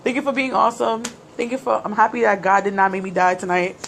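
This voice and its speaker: A woman's voice: mid-range voice, quick pace, vocal fry, roomy sound, a little hiss or hum. A young adult woman vlogger, shaken and laughing nervously, retelling a scary night to her viewers on a phone. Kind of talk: casual storytelling to viewers.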